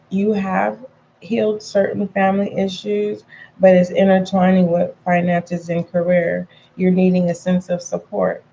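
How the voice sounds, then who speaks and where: Gravelly low-voiced woman reading tarot. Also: warm tone, lo-fi sound, a little hiss or hum. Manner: chatty, addresses viewers with pet names; frank, repeats herself for emphasis. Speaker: tarot reader. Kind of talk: casual tarot reading to viewers.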